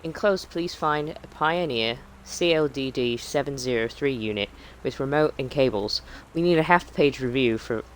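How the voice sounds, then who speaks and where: A brisk male editor rattles off instructions in an odd, unplaceable accent, as a streamer puts him on. He sounds matter-of-fact and hurried. It is a loose, playful impression rather than a careful one. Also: mid-range voice, slight background noise, voice pushed up, lightly acted, low-quality recording. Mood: businesslike. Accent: unplaceable mixed put-on accent. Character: businesslike male magazine editor.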